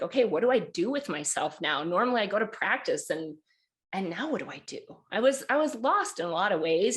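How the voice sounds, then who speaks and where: A woman in her forties from Wisconsin, telling a personal story on a podcast in a candid way, laughing often and getting teary. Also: lowish voice. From Wisconsin, USA. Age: 40s. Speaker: podcast co-host, guest here.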